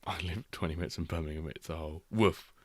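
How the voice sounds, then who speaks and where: A man, chatting casually and reacting excitably while hosting a live football watchalong stream. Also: low voice, fast, dry recording. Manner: rambling, excitable reactions to match action.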